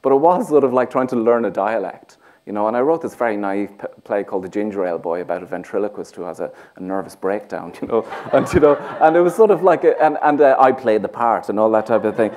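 Rambling Dublin man, low voice. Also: lively intonation, fast talker, hardly any pauses, darkish tone. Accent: Dublin Irish. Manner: rambling, self-mocking storyteller full of "you know, like". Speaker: playwright guest. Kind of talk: onstage conversation. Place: theatre stage before an audience.

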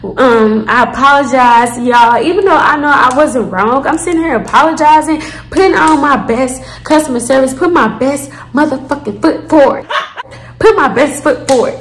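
A woman tells a storytime to her viewers in a chatty, slangy way, full of fillers and asides. Her voice sits a little high. The room has a noticeable echo. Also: moderate pace. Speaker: storyteller, channel host. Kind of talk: casual storytime vlog.

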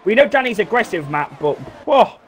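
A British man giving casual live commentary on an online racing league, chatty and teasing, jumping into excited shouts. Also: sits high, moderate pace, a little hiss or hum. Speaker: race commentator.

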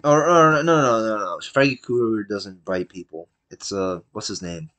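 A man giving casual let's-play commentary, excitable, swinging between mumbled jokey asides and yelling at his game character. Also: on the low side, normal speed. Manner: jokey self-talk with wordplay. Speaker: gameplay commentator.

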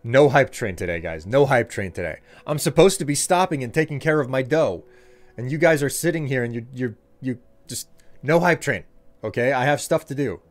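A man's voice: mid-range voice, lively intonation, normal speed. A man streaming live, chatting and joking with his viewers in a rambling way. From United States. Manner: joking, rambling, talks to chat. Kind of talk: casual live-stream chat.

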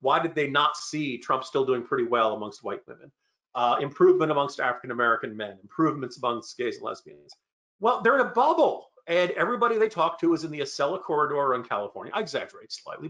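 A man on a political panel giving sardonic, fast-flowing analysis and mock-quoting his opponents. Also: on the high side, a bit bright. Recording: lo-fi, muffled audio.

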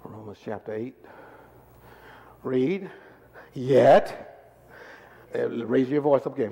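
A male pastor leads his congregation through scripture in a call-and-response sermon, firing the same questions again and again. His voice sits high and leaps all over its range, and the long echo hangs behind every line. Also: big pitch swings, measured pace, gravelly, pauses often. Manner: drills the congregation with repeated questions; swings from loud calls to low asides. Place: large church sanctuary. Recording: echoey church hall.

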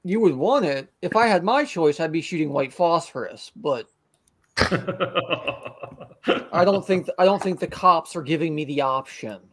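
A man with a fairly high voice plays a tabletop game and speaks in brisk, blunt commands, like a soldier giving orders. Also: expressive. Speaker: player. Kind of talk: in-character tabletop play.

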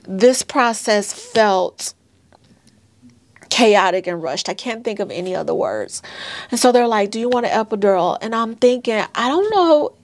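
Woman in her 30s vlogging a hard birth story, kinda high voice, dry close mic. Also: dry recording. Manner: earnest, candid, speaks straight to viewers. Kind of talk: emotional personal storytelling.

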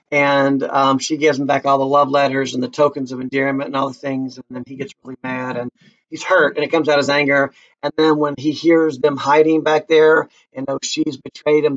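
A fairly high, slightly bright male voice, recorded in lo-fi quality. He chats loosely with his class while explaining a play, every so often breaking into short dramatic readings of the lines in character voices.

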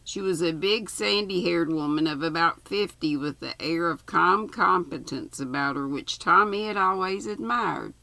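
An older woman reading a novel aloud in an unhurried way with casual asides, her voice gravelly. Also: fairly low pitch, pushed and bright, no echo. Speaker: channel host reading aloud. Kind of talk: storybook reading.

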